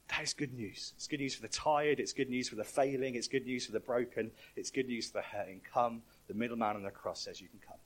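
A man's voice: medium pitch, steady tone, fairly quick, hardly any pauses. A man preaching a sermon in a conversational, storytelling way.

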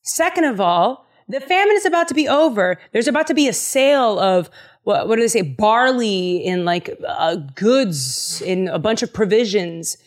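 A woman's voice: medium pitch, lively intonation, normal speed, lightly acted. A woman voicing a blunt, self-assured male prophet in casual, slangy modern speech. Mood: confident.

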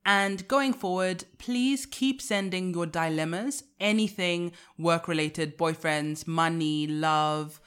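A woman's voice: on the low side, takes it slowly, hardly any pauses, fairly bright tone, clear, resonant tone. A young woman hosting a casual podcast, talking in a dry, matter-of-fact and teasing way. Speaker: podcast host.

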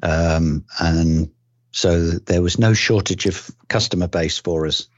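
Deep-voiced older English man reminiscing. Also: fairly even intonation, slow pace, no echo. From England. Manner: hesitant, many ums and restarts, dry humour. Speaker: retired police detective. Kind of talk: relaxed oral-history recollection. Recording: dull dry lo-fi recording.

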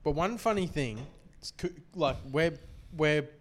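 A man's voice: fairly high pitch, animated, measured pace. A young man, co-hosting a podcast and telling a story in a loose, rambling way, laughing as he goes. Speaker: podcast co-host. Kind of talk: casual storytelling chat.

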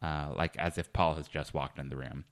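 A man's voice: very deep voice, steady tone, a little fast, no echo. A man hosting a comedy podcast, interviewing a guest in a dry, rambling, earnest-sounding way. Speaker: podcast host.

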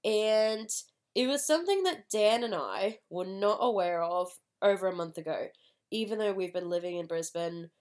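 A woman's voice: medium pitch, normal speed, darkish tone, dry recording. A young Australian woman with a cold-nasal voice, hosting a podcast in an earnest, chatty way. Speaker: podcast host. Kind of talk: casual podcast chat.

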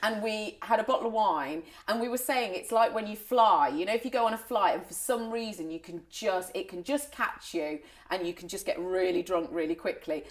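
A woman's voice: mid-range voice, fairly quick, few pauses. A woman co-hosting a podcast, chatting and telling stories in a playful way. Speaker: podcast co-host. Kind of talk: casual chat.

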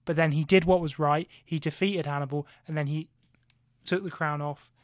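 An excitable man spinning a comic history tale on a podcast. He swears freely and keeps firing rhetorical questions, in a slightly high voice recorded dry and close to the mic. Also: moderate pace, no room sound. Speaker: podcast co-host. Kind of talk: animated comic history storytelling.

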